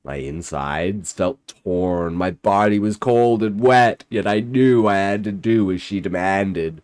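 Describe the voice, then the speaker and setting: A man's voice: deep voice, unhurried, hardly any pauses, no room sound, studio quality. A man giving scripted first-person horror narration with a dramatic, intense delivery. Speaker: storyteller.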